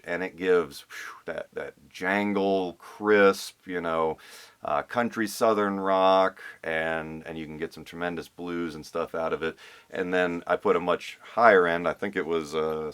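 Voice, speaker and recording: A man's voice: sits low, fairly bright tone. A man explaining a guitar pickup swap in a casual, thinking-aloud way with restarts and fillers. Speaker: guitar restorer.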